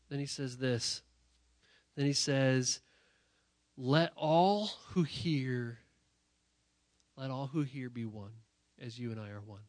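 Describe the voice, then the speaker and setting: A man preaching a sermon to young people in a church, talking while sick, emphatic and direct, often repeating phrases and swinging from loud to quiet. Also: mid-range voice, no echo. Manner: emphatic, rising to near-shouting then dropping quiet; repetitive, direct address to the audience. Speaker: youth pastor.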